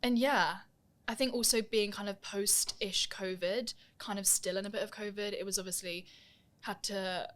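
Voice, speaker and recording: A young adult woman, a musical theatre performer appearing as a guest, tells stories in a casual interview and acts out the voices of people she quotes. Her mid-range voice is a bit bright, with fairly even intonation and normal speed.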